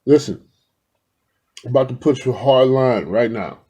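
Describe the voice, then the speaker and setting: Husky, mellow-voiced man chatting to camera. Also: mid-range voice, moderate pace. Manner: loose and rambling, addresses viewers directly, affectionate. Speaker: spiritual vlogger. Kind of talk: casual talk to camera.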